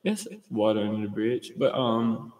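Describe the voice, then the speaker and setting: A young man from Georgia hosting a livestream, telling rambling, profane stories in slangy, fast casual talk. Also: lowish voice, darkish tone. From US state of Georgia. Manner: fast talker. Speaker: livestream host. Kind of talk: casual storytelling monologue. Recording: roomy with long reverb.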